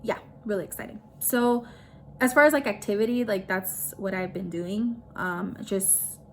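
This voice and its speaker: A woman's voice: medium pitch, moderate pace, a bit bright, slight background noise. A woman talking casually and emotionally in a personal vlog, with lots of "like" fillers. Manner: chatty, emotional, heavy use of "like". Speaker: vlogger.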